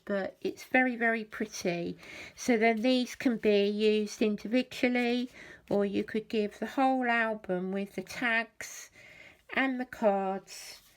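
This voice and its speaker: A woman narrates a papercraft walkthrough at a slow, easy pace, pointing out each card and tag as she goes. Her voice sits in a middle register, and she keeps a friendly show-and-tell manner. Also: mid-range voice. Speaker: craft channel host.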